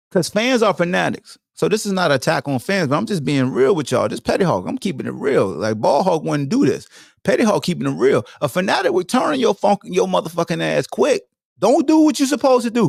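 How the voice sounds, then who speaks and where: A man's voice: vocal fry, dry recording, clean studio sound. A man hosting a podcast, giving a solo sports commentary rant in a slangy, profane way, talking straight to his listeners. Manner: animated, swinging between loud high bursts and low mutters. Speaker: podcast host.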